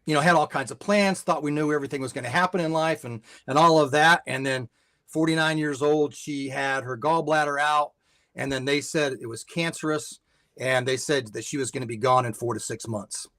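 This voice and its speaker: Older guy on a church podcast, kinda high voice, earnest, keeps restarting words, dry close sound. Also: fairly even intonation, brisk, fairly bright tone, no echo. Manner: repeats words as he restarts, heartfelt.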